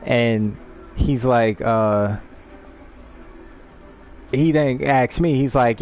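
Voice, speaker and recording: A man hosting a live stream, telling a story in a casual, animated way, swearing freely and often repeating words as he restarts. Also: medium pitch, drawn-out words, soft background music. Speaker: livestream host.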